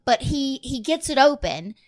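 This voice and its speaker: A woman's voice: high-pitched, expressive, normal speed, darkish tone. A woman co-hosting a film podcast in casual chat, chiming in to fill in plot details.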